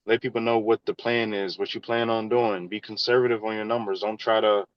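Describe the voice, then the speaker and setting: A man with a fairly low voice gives earnest, conversational advice as an interview guest. The sound is dry and a little muffled, with little room echo. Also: little pitch movement, a little fast. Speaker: engineer and real estate professional, interview guest. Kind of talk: casual interview answers.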